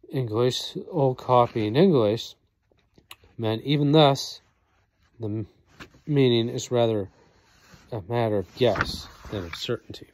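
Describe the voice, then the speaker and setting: A man's voice: medium pitch, unhurried, pauses often, darkish tone, no room sound. A man reading a play aloud in a plain way, speaking the names of the characters and adding brief asides. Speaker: play reader.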